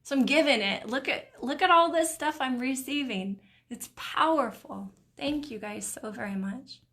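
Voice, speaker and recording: A middle-aged woman hosting a live video stream, reading viewers' comments aloud in a warm, encouraging, emotional way. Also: sits high, normal speed. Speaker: host of a live mindset stream.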